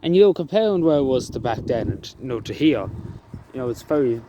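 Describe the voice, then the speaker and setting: Man vlogging outdoors, soft-spoken and emotional, hesitant delivery, steady background noise outside. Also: mid-range voice, dull audio. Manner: halting, with many fillers and restarts. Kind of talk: emotional outdoor vlog talk. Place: outdoors in the countryside.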